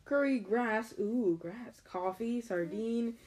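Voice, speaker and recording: A woman's voice: fairly high pitch, slow, a little mellow. A woman reading a storybook aloud in a casual, chatty way, often stumbling and restarting words. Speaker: reader.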